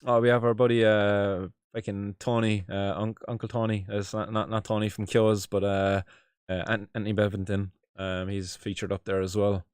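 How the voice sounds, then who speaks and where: Irish male host, low-pitched, smooth; loose, filler-heavy casual delivery, dry close sound. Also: little pitch movement, moderate pace, dry recording. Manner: rambling, many fillers and restarts, swears casually. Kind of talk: casual commentary.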